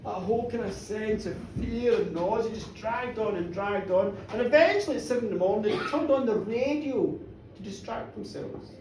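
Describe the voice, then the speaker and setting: A woman telling a comic horror tale live in a pub, animated and playful, with asides to the audience. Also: medium pitch, moderate pace, a little hiss or hum. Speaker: storyteller. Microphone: room recording from a distance. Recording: echoey pub, heard from far off.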